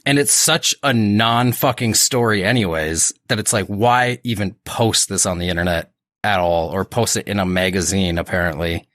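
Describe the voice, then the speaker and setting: A man's voice: deep voice, moderate pace, fairly bright tone, no echo. Man, podcast co-host, swearing a lot, worked-up rant, dry close sound. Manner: profane, ranting, exasperated. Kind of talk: casual chat.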